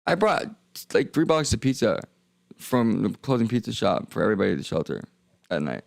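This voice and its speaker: A man's voice: on the low side, sing-song, brisk, creaky, darkish tone, no room sound. A young man streaming, rambling and joking in casual talk that trails off into mumbles.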